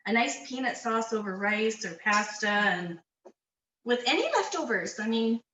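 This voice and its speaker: A woman's voice: a little high, lively intonation, normal speed, pushed and bright, muffled recording, slight background noise. A woman from Canada giving a casual cooking demonstration in a community kitchen, chatty and enthusiastic as she tells stories.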